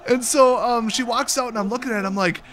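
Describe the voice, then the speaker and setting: A man's voice: very high-pitched, fast, slight background noise. A man hosting a live stream, telling stories in a loose, laughing, casual chat. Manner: laughing, loose and animated storytelling. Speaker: streamer host.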